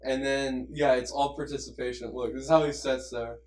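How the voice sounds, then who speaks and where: A man's voice: medium pitch, steady tone, fairly quick, a little mellow, echoey room, recorded from a distance. Teenage boy telling a story. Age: teens. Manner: storytelling, imitates his teacher, laughs often. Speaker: student. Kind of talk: casual chat among friends.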